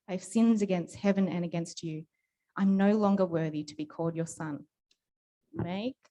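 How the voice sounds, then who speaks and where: A woman reads a long scripture passage aloud at a steady, measured pace. Her voice sits a little low. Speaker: scripture reader. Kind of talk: Bible reading.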